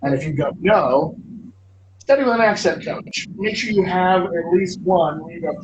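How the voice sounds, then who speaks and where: A dialect coach hosts a live online Q&A, answering viewer questions in an upbeat, joking and encouraging way. His voice sits high at a moderate pace, in an echoey room with background noise.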